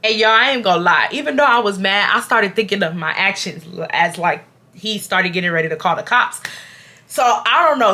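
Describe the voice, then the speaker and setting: Bright-voiced animated young woman storyteller. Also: mid-range voice. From Houston, Texas. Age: 20s. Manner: animated, loud acted-out quotes; addresses viewers as y'all. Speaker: storytime vlogger. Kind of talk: casual storytime vlog.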